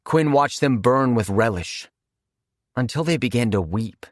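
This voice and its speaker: A man narrating a horror audiobook in a measured, vivid storytelling manner. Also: medium pitch, expressive, no room sound, clean studio sound.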